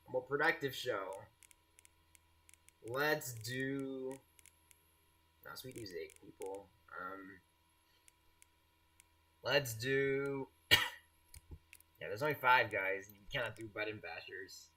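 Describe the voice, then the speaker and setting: A man's voice: mid-range voice, a little slow, long pauses, pushed and bright. A young man streaming a game live, chatting casually and teasing his viewers. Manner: playful, teasing, restarts often, laughs at chat.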